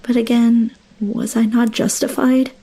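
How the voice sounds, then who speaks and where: A young woman telling a first-person horror story, her voice a bit high yet mellow and soft-edged. She narrates with dramatic, emotional intensity, letting the dread build line by line. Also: flat delivery, unhurried.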